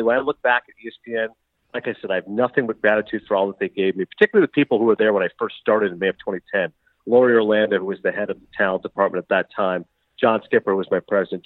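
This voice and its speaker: A middle-aged man from Canada, a sports broadcaster chatting as a guest in an interview, who talks quickly and acts out the dialogue he quotes. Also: lowish voice, no echo. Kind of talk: casual interview chat. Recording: tinny phone-like line.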